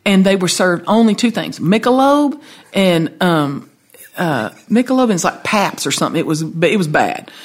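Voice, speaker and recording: A woman's voice: lowish voice, normal speed. A woman songwriter with a Southern accent, telling a long anecdote in an interview and acting out the voices of the people in it. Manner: animated storyteller, acts out quoted voices. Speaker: songwriter guest. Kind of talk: storytelling interview.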